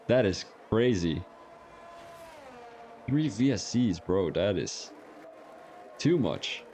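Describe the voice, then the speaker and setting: Young male streamer, casual race commentator bantering with chat, lower voice, faint background noise. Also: big pitch swings, takes it slowly, mellow. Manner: casual, joking, chats with viewers while commentating. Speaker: sim racing stream commentator.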